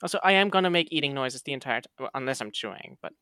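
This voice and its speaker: Teasing podcast co-host, lively pitch. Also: very fast, background noise. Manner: teasing, mock-indignant banter. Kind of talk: casual chat.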